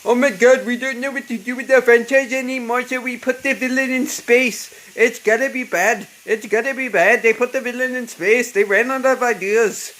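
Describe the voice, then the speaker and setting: A man's voice: extremely high pitch, steady tone, normal speed, hardly any pauses, a bit bright, voice pushed up. A man voicing an indignant, complaining male horror fan in an Indian accent. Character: whiny male horror fan mocking a sequel.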